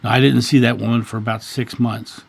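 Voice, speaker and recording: A man's voice: medium pitch, level tone, a little fast, vocal fry, husky. A man in his fifties, a channel host, earnestly telling a story in a casual monologue and often repeating words. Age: 50s.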